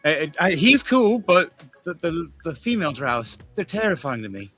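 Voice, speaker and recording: Man playing a jittery young bard, stammering, slightly raised pitch, bright voice. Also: sing-song, moderate pace, soft background music. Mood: nervous. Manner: eager, nervous, stammering. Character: nervous young male bard, eager to please.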